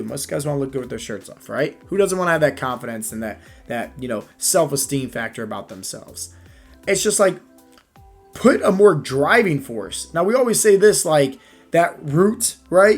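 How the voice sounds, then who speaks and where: Chatty man, fitness coach, slightly high. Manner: conversational, leans on fillers like "right?" and "like". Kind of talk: casual motivational talk.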